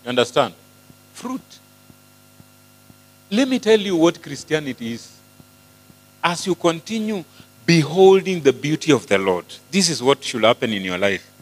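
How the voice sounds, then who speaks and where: A man preaching a sermon, mixing English and Swahili, animated and often asking the congregation questions. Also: on the high side, normal speed, long pauses. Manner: switches between English and Swahili, animated, asks the crowd questions. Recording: hall with long reverb and mains hum.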